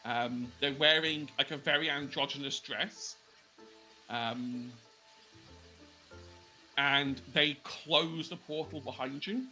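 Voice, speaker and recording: A man narrating a tabletop game as game master. He describes scenes at an unhurried pace and uses plenty of fillers. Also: mid-range voice, fairly even intonation, sharp tone, soft background music, rough recording.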